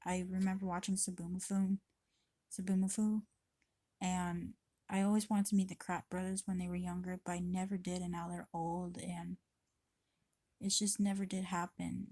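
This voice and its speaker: Rambling woman vlogger with a flat, dry voice. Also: lowish voice, normal speed, no echo. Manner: rambling, swears freely, restarts often. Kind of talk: rambling confessional vlog. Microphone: camera mic.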